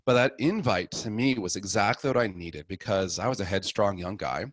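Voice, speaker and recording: A middle-aged man, a guest on the show, casually telling the story of his conversion with animated delivery, acting out each person in it. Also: on the low side, normal speed, no room sound.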